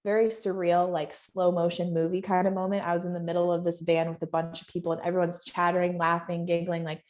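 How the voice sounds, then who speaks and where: A woman's voice: fairly low pitch, level tone, fast, a little mellow. A woman guest on a podcast, sharing a personal story earnestly and emotionally, often laughing as she talks.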